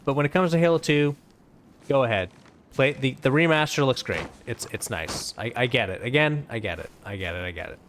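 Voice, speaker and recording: A man hosting a let's play, giving rambling, casual gameplay commentary full of swearing and excitable outbursts. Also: mid-range voice, brisk, a little hiss or hum. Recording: game music in background.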